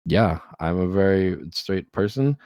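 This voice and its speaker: A man's voice: low voice, expressive, unhurried, a little mellow, no echo, studio quality. A young man co-hosting a podcast, talking in a laid-back, teasing way and laughing often. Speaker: podcast co-host. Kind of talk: casual chat.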